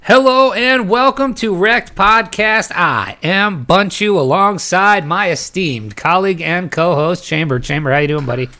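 Casting: male podcast host, bright and punchy, a bit high, teasing banter. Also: measured pace, few pauses. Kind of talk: casual podcast hosting.

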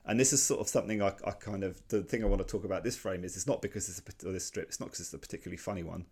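A podcast co-host in his forties races through a casual comic-strip chat, his low voice a little mellow and slightly rough. He wanders and restarts constantly, with plenty of fillers.

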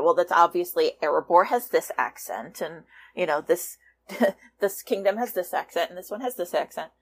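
A woman fanfiction writer talking as a guest in a casual interview, animated and laughing often. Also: deep voice, gravelly, breathy edge.

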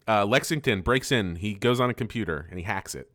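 Lowish guy cracking up while recapping a cartoon, dry close sound, jumps into goofy voices. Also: animated, fairly bright tone, dry recording. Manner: laughs often, loose and profane, acts out lines in quick silly voices. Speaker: podcast co-host. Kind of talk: casual chat recapping a cartoon episode.

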